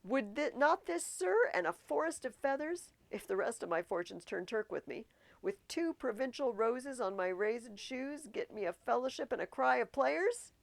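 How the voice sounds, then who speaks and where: A woman's voice: high voice, lively intonation, moderate pace, vocal fry, dry recording, pitched above the performer's own voice. A woman reading the lines of a young male prince, bitter and giddy, in a theatrical Shakespearean verse delivery. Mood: gleeful.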